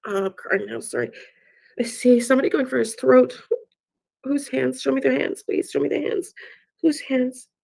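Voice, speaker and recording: Woman, psychic medium, live channeling; halting, repetitive, slips into whispers, dark soft tone. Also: high-pitched, little pitch movement, gravelly. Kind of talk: live spirit-channeling session.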